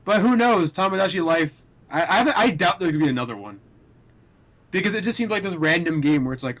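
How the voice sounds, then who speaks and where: A man's voice: high-pitched, lively intonation, quick pace, fairly bright tone, lo-fi sound. A young man hosting a casual group chat podcast, rambling with lots of fillers and frequent laughs. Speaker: podcast host.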